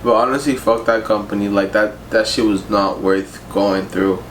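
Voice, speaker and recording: A man's voice: on the low side, steady tone, normal speed. A young man telling a casual storytime about his job, slangy and profane, leaning on "bro" and "like". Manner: slangy, profane, laid-back, fillers like "bro" and "like". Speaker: vlogger. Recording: roomy echo with faint noise.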